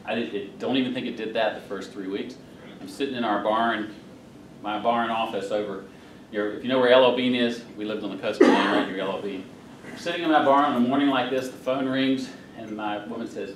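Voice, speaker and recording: A man's voice: medium pitch, fairly even intonation, a little fast, a little hiss or hum. A middle-aged man from North Carolina, giving a humorous storytelling talk as a guest speaker at a club meeting. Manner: folksy, humorous storyteller, chuckles through punchlines. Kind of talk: storytelling speech. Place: meeting hall. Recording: roomy, distant room mic.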